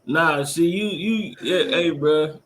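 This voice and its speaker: A man co-hosting a podcast, chatting casually about a movie as an animated, slangy storyteller who laughs often. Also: on the high side, slow pace, slight background noise. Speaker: podcast co-host. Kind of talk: casual movie recap chat.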